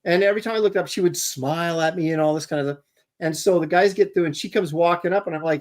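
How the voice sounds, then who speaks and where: A man's voice: a little high, quick pace. A man hosting a comics podcast, rambling through self-mocking convention stories in a casual chat. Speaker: comic artist podcast host.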